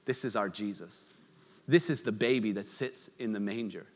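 A man preaching a sermon, conversational with joking asides, swinging from loud to hushed. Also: fairly low pitch, normal speed, long reverb tail. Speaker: pastor.

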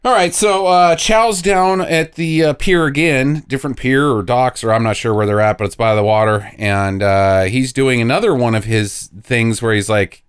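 A man's voice: mid-range voice, moderate pace, hardly any pauses, clear, resonant tone, no room sound, clean studio sound. A man casually recapping a movie plot with jokes, lots of fillers and a rambling manner.

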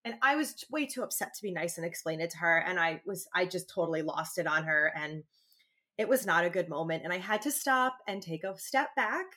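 Woman, 30s, podcast co-host, lively storyteller who acts out her own yelling. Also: on the low side, a little fast. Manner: animated storytelling, acts out shouted quotes. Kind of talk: casual chat.

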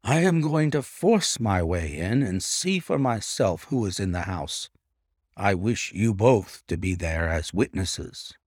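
A man's voice: on the low side, animated, unhurried, a little mellow, no echo, studio quality, voice pushed down. A man doing a stern, determined husband. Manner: stern and clipped. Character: grim, determined middle-aged husband.

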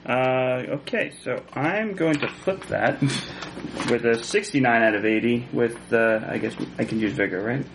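A man playing a tabletop game, talking casually and haltingly. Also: medium pitch, noisy background. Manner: casual, halting, laughs often. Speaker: player.

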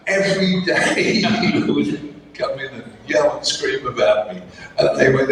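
An older Australian man with a mid-range, slightly slow voice tells anecdotes as a guest on a convention panel, chuckling and acting out the people he quotes. He's miked from a distance in a large convention hall, and the recording is echoey with crowd noise.

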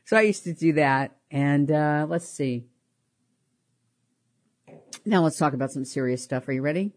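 A middle-aged woman with a slightly low voice hosts her own show, telling personal stories. She talks in an animated way, laughs often and repeats her words as she goes. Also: unhurried. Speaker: podcast host. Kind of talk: personal storytelling.

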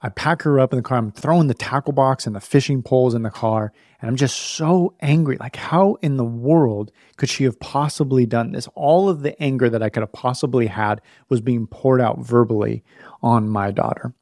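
A man's voice: mid-range voice, moderate pace, darkish tone, dry recording, clean studio sound. A man in his thirties hosting a parenting podcast, telling a personal story candidly and laughing at himself. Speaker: podcast host. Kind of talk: storytelling talk.

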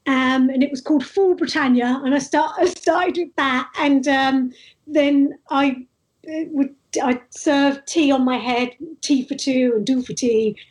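A woman, telling stories in a casual, animated way as a guest in an interview. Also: sits high, unhurried, poor audio. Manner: lively, animated storytelling with laughs. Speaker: street performer guest.

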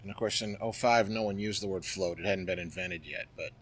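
A man's voice: deep voice, brisk. Middle-aged guy rambling through poker stories on a podcast, lots of likes and you knows. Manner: lively, chatty, filler-heavy. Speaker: guest, poker player. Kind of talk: interview storytelling.

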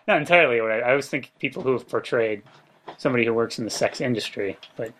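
A man's voice: mid-range voice, fast talker, fairly bright tone, a little hiss or hum. A man hosting a comedy podcast, playing the bemused straight man in casual banter. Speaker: podcast host.

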